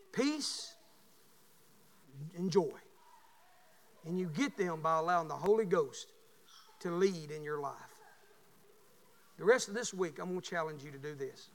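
A middle-aged man preaching a sermon, telling folksy stories and climbing into fervent shouts. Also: high-pitched, big-room sound. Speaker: pastor.

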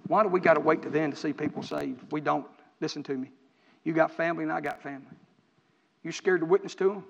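A middle-aged man, preaching with fervor and swinging between shouts and quiet, earnest talk. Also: gravelly, long reverb tail, lo-fi sound. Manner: impassioned, rising to shouts then dropping low. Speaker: pastor. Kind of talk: preaching sermon.

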